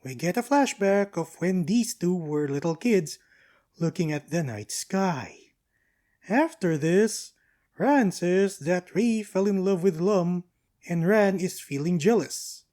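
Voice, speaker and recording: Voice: mid-range voice, animated, measured pace, warm tone. An anime reviewer giving a casual episode recap, breezy and full of slangy quips and asides.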